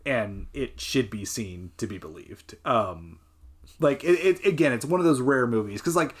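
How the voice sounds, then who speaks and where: A man's voice: mid-range voice, lively intonation, normal speed, breathy edge. Rambling man chatting about a film. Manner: rambling, many fillers and restarts. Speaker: podcast co-host. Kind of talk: casual film discussion.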